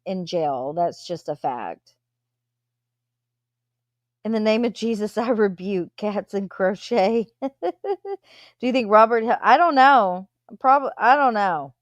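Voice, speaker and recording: Give me a woman live-stream host chatting back to viewer comments, mid-pitched, in a dry, dead room. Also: no echo. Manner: reads viewer comments aloud and answers them chattily.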